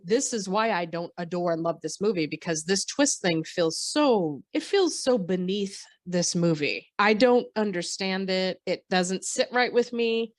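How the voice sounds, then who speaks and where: A woman's voice: medium pitch, no echo. Annoyed woman ranting about a movie on a podcast, swears a lot, dry close sound. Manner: blunt, indignant, swears freely. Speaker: podcast co-host. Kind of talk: casual chat reviewing a film.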